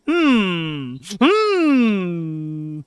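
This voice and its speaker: Male streamer, slow and animated, muttering amused comments while playing. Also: high-pitched, clean tone, no echo. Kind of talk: casual gameplay commentary.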